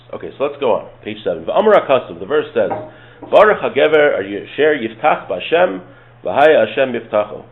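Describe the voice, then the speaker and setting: A man teaching a Torah study class, speaking calmly and explaining step by step, reading Hebrew verses and translating them. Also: fairly low pitch, a little hiss or hum. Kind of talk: relaxed study-class lecture. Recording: tinny phone-like lo-fi audio.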